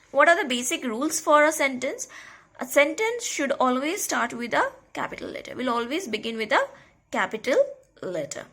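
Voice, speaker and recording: A woman teaches a school grammar lesson in a high, bright voice. She says each key phrase twice, slowly, and keeps checking with the class.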